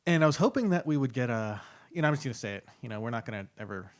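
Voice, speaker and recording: A man co-hosting a casual podcast, telling stories in a relaxed way and laughing often. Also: mid-range voice, rapid-fire. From San Diego area, California. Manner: laid-back storytelling, laughs often. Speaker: podcast co-host. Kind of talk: casual chat.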